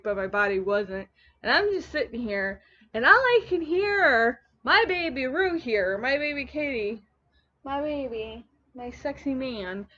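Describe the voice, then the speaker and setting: Rambling young woman, lo-fi home vlog. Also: high-pitched. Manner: rambling, animated, self-interrupting. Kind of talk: casual storytelling vlog. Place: at home on a couch. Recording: dull lo-fi home recording.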